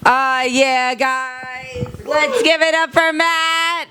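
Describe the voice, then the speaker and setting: A comedian opening a stand-up set at an open mic with a slow, deliberate setup. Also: sits high, fairly even intonation, background noise.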